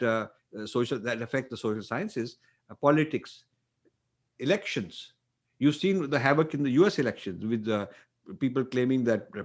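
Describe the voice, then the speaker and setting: An older man with an Indian English accent, an author answering interview questions emphatically, often repeating phrases and using fillers. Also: a little high. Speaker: author and guest.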